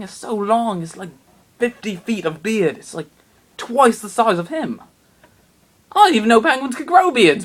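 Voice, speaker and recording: A man telling an absurd comic story in a rambling, excitable way with plenty of fillers. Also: high-pitched.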